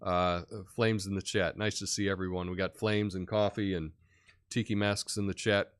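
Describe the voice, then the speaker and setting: A middle-aged American man talks casually on his live stream, reading out comments between easy laughs and filler words. His voice sits a little low. The sound is dry and close, with no room echo. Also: moderate pace, clean tone. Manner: relaxed, chatty, laughs often, many fillers. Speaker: live show host.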